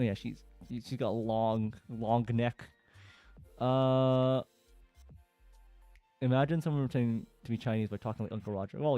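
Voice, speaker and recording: In a dark, mid-range voice with no room sound, a man reads forum posts out loud and offers his thoughts. His manner is chatty, sprinkled with fillers and laughter.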